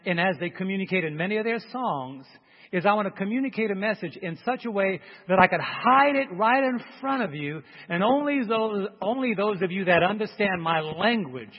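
A man preaching emphatically, reading song lyrics aloud slowly to make his points. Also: sits high. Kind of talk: sermon. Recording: dull, long hall reverb.

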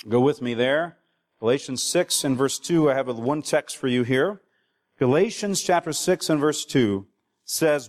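A young male pastor preaching a sermon, urging the congregation and asking them for replies. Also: a little high. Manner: exhorting, asks the congregation for replies. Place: church hall. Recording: long reverb of a church hall.

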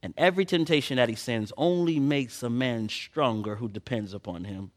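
A man preaching a sermon, moving between quiet personal storytelling and loud impassioned passages, reading scripture in old-fashioned phrasing. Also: mid-range voice, moderate pace.

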